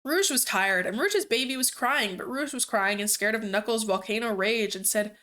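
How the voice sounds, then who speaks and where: A woman's voice: a little high, moderate pace, sharp tone. Brief: young female streamer, amused storyteller reading fanfic. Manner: amused, breaks off to comment.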